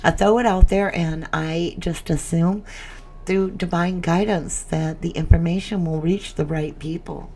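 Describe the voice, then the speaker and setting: Gravelly-voiced woman hosting a livestream. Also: lowish voice, fairly even intonation, unhurried, a little mellow. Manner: emotional, reading viewer comments aloud. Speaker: livestream host. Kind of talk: casual livestream chat.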